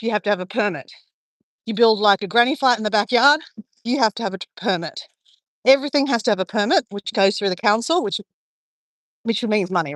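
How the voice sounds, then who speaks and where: On a beach outdoors, a woman with a somewhat high voice chats casually to her live-stream audience, rambling and greeting viewers by name as she walks. The sound is clean and studio-like, with no room sound.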